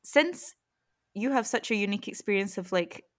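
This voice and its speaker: A woman's voice: mid-range voice, expressive, normal speed. Young scottish girl hosting a chat show, laughs a lot, asks stuff. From Scotland. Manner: friendly, asks questions, laughs easily. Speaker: podcast host. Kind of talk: casual interview chat.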